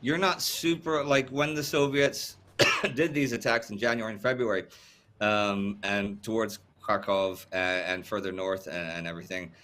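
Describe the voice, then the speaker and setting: A man with a lowish voice hosts a casual livestream, talking in loose, rambling runs. He circles back over his words as he works out a thought. A cough keeps catching at him. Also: flat delivery, normal speed, sharp tone. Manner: rambling, repeats words while thinking. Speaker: livestream host.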